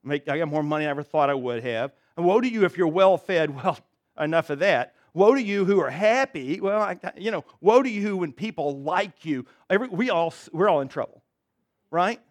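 High-voiced folksy male pastor. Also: expressive, brisk. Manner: conversational and folksy, with frequent restarts and asides. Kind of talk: sermon. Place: church sanctuary.

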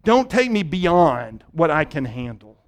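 A man's voice: fairly high pitch, very animated, unhurried. A male pastor preaching a conversational sermon, often restarting phrases and checking in with "right?".

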